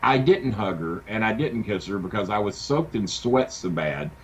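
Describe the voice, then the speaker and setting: A middle-aged man, a wrestling manager telling an animated story in a casual interview. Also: lowish voice, moderate pace. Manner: animated anecdote-telling with acted quotes. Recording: dull lo-fi sound with faint hiss.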